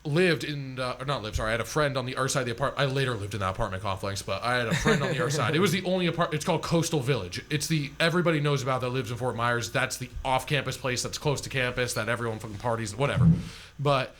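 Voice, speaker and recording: A man's voice: medium pitch, rapid-fire, fairly bright tone. A man telling a long, rambling story as a podcast guest, swearing freely and packing in fillers. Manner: rambling and profane, heavy on fillers.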